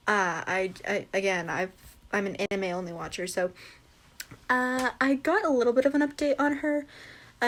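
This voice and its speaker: Brief: young-sounding woman, high voice, gushing casual fan chatter with squeals. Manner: gushing, bursts into excited squeals. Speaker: fan video creator.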